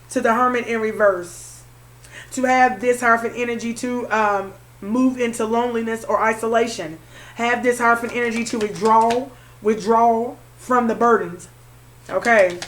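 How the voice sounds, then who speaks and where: A woman's voice: on the high side, steady tone, a little slow, slight background noise. A woman doing a tarot card reading for her viewers, calling the listener honey and repeating her phrases. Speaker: tarot reader.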